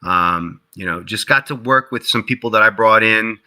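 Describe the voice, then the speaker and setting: An interview guest who works as a game developer tells his story in a loose, chatty way, leaning heavily on "like" and "you know." His very bright, forward voice moves at normal speed and leaps to a higher pitch whenever he animatedly acts out someone else's words. The recording is rough.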